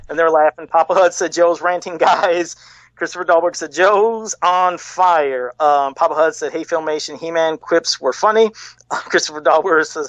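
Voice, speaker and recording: On a fan podcast, a male co-host with a fairly bright, higher-pitched voice rants hard, swearing a lot and getting emotional. The audio is dull, with no room sound.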